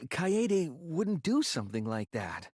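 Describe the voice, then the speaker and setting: An actor voicing an earnest teenage boy detective in a video game, speaking in a soft-spoken way. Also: fairly high pitch, big pitch swings, slow pace, background noise. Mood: resolute.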